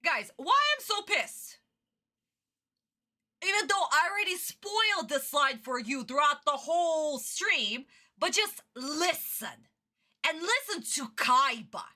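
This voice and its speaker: A woman streamer giving excitable, foul-mouthed reaction commentary on a cartoon, talking close into her own microphone from bed. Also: high-pitched, takes it slowly. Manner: excitable, swears freely, exaggerated outrage. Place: in bed at home. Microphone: own desk microphone, close.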